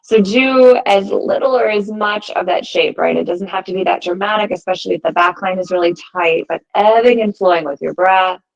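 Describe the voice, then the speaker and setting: Calm woman guiding a yoga class. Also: medium pitch, brisk, vocal fry, few pauses, dull audio. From United States. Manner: calm, encouraging cues timed to the breath. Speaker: yoga teacher. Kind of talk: guided yoga class instruction.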